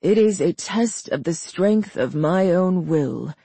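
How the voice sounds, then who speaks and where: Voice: medium pitch, animated, gravelly, warm tone, slightly rough, dry recording, full character voice. A narrator voicing a frail, cruel old man who speaks mildly but with menace. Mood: menacing. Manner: slow, mild, menacing delivery. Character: frail old male villain, cruel and calm.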